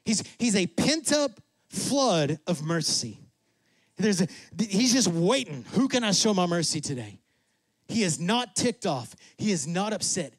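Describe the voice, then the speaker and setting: A man preaching a sermon in a lively way, acting out God and Moses in quick asides. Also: slightly rough, no room sound. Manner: drops to a soft, low voice for emphasis. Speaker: pastor.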